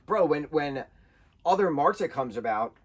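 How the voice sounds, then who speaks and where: Excitable man reviewing a show. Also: on the high side, moderate pace, breathy edge. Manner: excitable, animated, repeats slang like "bro" and "wild". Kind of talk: casual review monologue.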